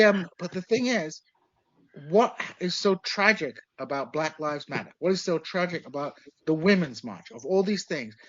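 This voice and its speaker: A man's voice: high-pitched, fairly bright tone, no room sound, dull audio. A man of Kurdish origin co-hosting a podcast, making long heated political points with fillers and swearing. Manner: digressive, heated, swears freely. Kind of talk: casual political discussion.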